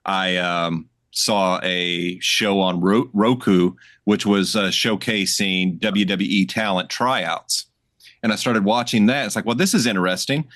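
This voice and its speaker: Podcast host, man, low voice, relaxed and easy laughing, dry close mic. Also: takes it slowly, dry recording. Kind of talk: casual podcast chat.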